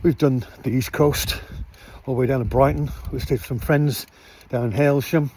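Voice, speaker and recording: A man's voice: medium pitch, moderate pace, a little hiss or hum. A man vlogging casually outdoors at night by his van, rambling with lots of fillers. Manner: rambling, relaxed, many fillers. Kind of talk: casual vlog narration.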